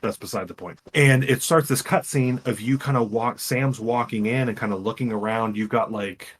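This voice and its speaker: A young man co-hosting a podcast, retelling a story in a rambling, animated way with frequent restarts. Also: mid-range voice, normal speed, breathy edge. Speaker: podcast co-host. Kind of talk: casual chat, retelling a game.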